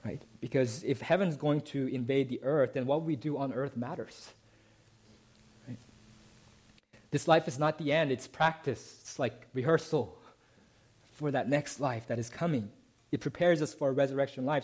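A man preaching a sermon, who often asks the congregation "right?" and moves between emphatic climbs and soft, low passages. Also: normal speed, slightly rough. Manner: rising to emphatic peaks, then dropping soft and low. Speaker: pastor.

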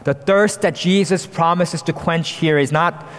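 Preacher, male, fairly high voice, earnest expository delivery with rhetorical questions, long church reverb. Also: unhurried, a bit bright. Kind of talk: sermon.

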